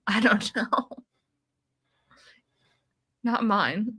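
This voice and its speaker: A woman co-hosting a reality TV recap livestream, relaxed and easygoing in casual chat. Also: medium pitch, drawn-out words, slightly rough. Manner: laughs often, relaxed and easygoing. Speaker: co-host of a reality TV recap show.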